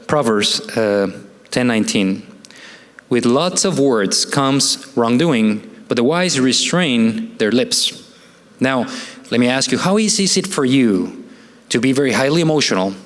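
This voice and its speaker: A man's voice: mid-range voice, fairly bright tone. A man giving a conversational presentation to a church audience, often asking rhetorical questions and ending points with "right?". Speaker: church family seminar speaker. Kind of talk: presentation talk with slides. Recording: long hall reverb.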